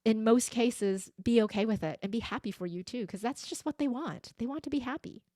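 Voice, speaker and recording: A middle-aged woman voice coach chatting in an interview, animated and expressive, acting out the voices of the people she quotes. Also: fairly high pitch, fairly quick, no echo, studio quality. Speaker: voice coach guest. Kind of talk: casual interview chat.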